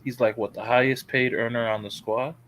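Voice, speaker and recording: A man's voice: medium pitch, flat delivery, a little fast, a bit bright, slight background noise, poor audio. A man co-hosting a football podcast in slangy, casual chat, often repeating himself as he talks. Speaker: podcast co-host.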